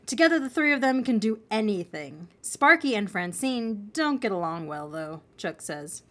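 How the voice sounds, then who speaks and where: Expressive woman reading a children's story. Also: medium pitch, normal speed. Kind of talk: children's novel read-aloud.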